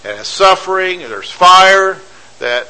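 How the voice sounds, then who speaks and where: Slowly and expressively, a man preaches a sermon in a bright, forceful voice pitched a little high, with a clean tone but poor recording quality. Repetition and rapid rhetorical questions drive his message.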